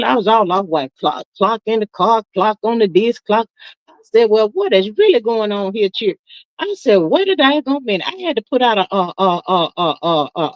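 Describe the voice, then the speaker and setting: A woman hosting a relaxed livestream chat. Her voice sits at a middle pitch and is recorded close and dry. She reads out viewer comments, greets people warmly by name and stretches her welcomes into sing-song calls, sprinkling in "child" and "honey.". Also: no room sound, low-quality recording. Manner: sing-song, drawn-out calls of "come on in the room"; Southern-style endearments like "child" and "honey". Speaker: livestream host. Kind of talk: casual live-stream chat reading comments.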